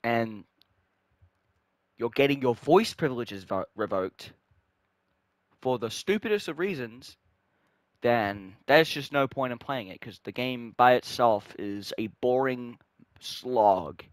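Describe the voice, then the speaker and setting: Young man, gaming vlog rant, irritated and sweary, dry close sound, middle pitch. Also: expressive, slow pace, pauses often, no echo. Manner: frustrated, swearing, trailing off deflated. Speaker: gaming vlogger.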